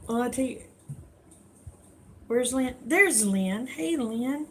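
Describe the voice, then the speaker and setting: A woman's voice: fairly high pitch, lively intonation, takes it slowly, a bit bright, slight background noise. Folksy tired woman chatting. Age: older. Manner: folksy, chatty, greets viewers by name. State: tired, yawning. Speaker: livestream host. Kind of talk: late-night livestream chat with viewers.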